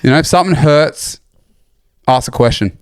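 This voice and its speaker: Casual podcast co-host, thirties, smooth voice, dry close sound, laid-back sweary storyteller. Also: male voice, on the high side, normal speed, no echo. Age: 30s. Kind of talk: casual chat.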